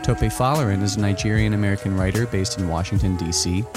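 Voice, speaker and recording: A man hosts a podcast and reads its scripted opening at an even pace. His voice sits on the low side. Music plays clearly beneath him. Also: fast. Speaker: podcast host. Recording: clear music bed behind the voice.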